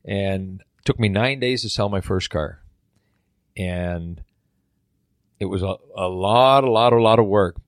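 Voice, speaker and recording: Low-voiced man telling a lively story. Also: measured pace, pauses often, no room sound, clean studio sound. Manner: animated, acts out quoted voices. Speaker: guest. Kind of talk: casual storytelling.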